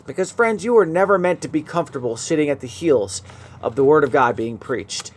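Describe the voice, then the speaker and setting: A man's voice: fairly high pitch, expressive, brisk, husky. A man preaching a radio sermon, earnest and building to emphatic peaks.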